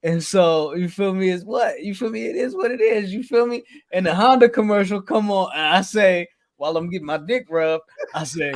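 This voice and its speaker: A man's voice: high-pitched, normal speed, hardly any pauses. A man co-hosting a podcast in casual chat, laid-back and profane, often tagging "you feel me". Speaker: podcast co-host. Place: podcast studio.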